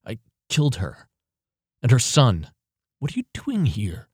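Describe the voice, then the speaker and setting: A man's voice: medium pitch, very animated, normal speed, darkish tone, dry recording, lightly acted. A bitter young female inmate, voiced by a male narrator, snapping back with sarcasm and open hostility. The reading sits close and dry, with little room sound. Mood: anguished.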